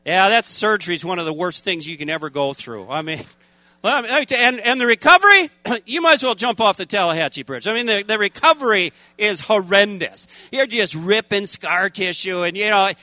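A male preacher, telling a story in a folksy, animated way, laughing often and acting out the voices of the people in it. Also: high-pitched, brisk, dry recording. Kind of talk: storytelling sermon.

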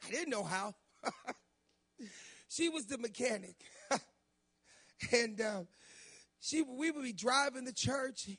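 A middle-aged man preaching a sermon, telling personal stories in an animated way that climbs into shouts. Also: high voice. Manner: animated storytelling, rising to shouts when quoting. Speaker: pastor.

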